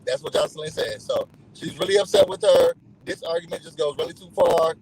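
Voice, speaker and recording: A man's voice: sits high, a little fast, husky, low-quality recording. A man casually recapping a reality show for his channel, telling it animatedly and acting out what people said. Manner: animated storytelling, acting out quotes in other voices.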